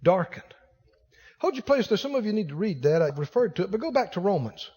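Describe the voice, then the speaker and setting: A man preaching a sermon to a congregation in a church auditorium. His voice sits very high and his pitch rises and falls with lively force as he hammers points home through repetition. The sound carries a long, ringing hall reverb. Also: a little fast, husky. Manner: emphatic, repetitive preaching exhortation; addresses the congregation directly. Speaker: pastor.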